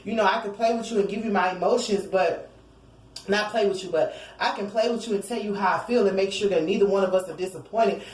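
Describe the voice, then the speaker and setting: Woman, casual tarot reading, slangy and chatty, mid-pitched voice, echoey room. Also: fast, darkish tone. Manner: chatty, slangy, acts out quotes, sings snatches of songs. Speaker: tarot reader.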